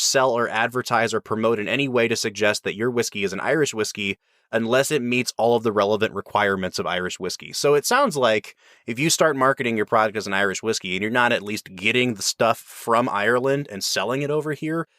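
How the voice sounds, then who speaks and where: A man's voice: mid-range voice, a little fast, sharp tone, no room sound. Chatty podcast host man, dry close sound. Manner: explains at length, enthusiastic. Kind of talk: casual podcast chat.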